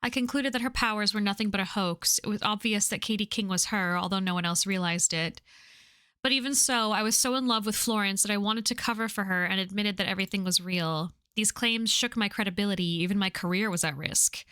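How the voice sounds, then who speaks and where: A woman reading as a heartbroken Victorian gentleman. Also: medium pitch, a little fast, clean tone, no room sound, clean studio sound, lightly acted. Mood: wistful. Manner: reading game dialogue aloud, plain and earnest. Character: lovesick older Victorian gentleman scientist. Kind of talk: reading game dialogue.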